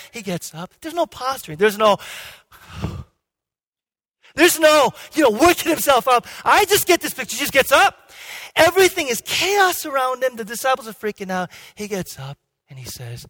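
High-voiced, emphatic male pastor preaching. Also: big pitch swings, a little fast. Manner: emphatic, swinging from loud to hushed; frequent restarts and "okay?" checks. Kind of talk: sermon. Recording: long hall reverb.

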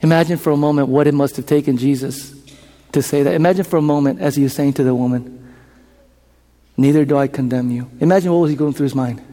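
A male pastor preaching a sermon in a church. He repeats lines, questions the congregation, and swings from loud declarations to hushed whispers. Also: fairly high pitch, quick pace. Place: church sanctuary. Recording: long hall reverb.

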